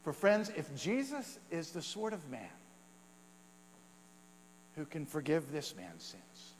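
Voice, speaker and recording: A male pastor delivers a sermon in a conversational style, scattering fillers and little laughs through his points. His voice sits a little high for a man. The recording carries a long church-hall reverb and a faint mains hum. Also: wildly swooping pitch, takes it slowly.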